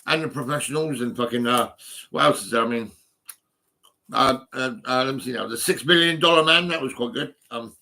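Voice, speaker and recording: A middle-aged man from Hampshire talks casually in a southern English accent, his voice bright and forward. He rambles, swears freely and stumbles through fillers and restarts. It sounds like a phone recording in a small room. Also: medium pitch, brisk, creaky. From England, Hampshire. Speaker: vlogger.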